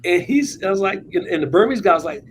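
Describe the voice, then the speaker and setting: A man's voice: high voice, expressive, fast talker, slight background noise, rough recording. A man co-hosting a political talk show, telling anecdotes in a chatty, wry way. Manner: chatty, wry, laughs at his own points. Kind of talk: casual political chat, anecdotal storytelling.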